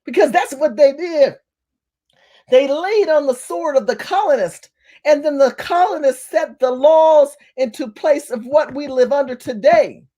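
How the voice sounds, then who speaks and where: Woman, high voice, animated rant, emphatic, talking straight to camera. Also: unhurried. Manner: animated, emphatic storytelling with cursing. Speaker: vlogger. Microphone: phone or camera facing her.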